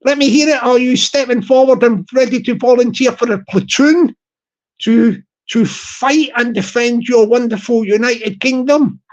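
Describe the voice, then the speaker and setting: A man's voice: very high voice, normal speed, dull audio. A man hosting a vlog, talking in a rambling, jokey comic monologue with lots of repetition. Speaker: channel host.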